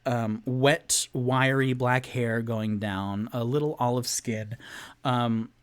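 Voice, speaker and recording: A man's voice: mid-range voice, steady tone, takes it slowly, smooth. A man narrating a solo tabletop game as game master, rambling with many fillers and restarts.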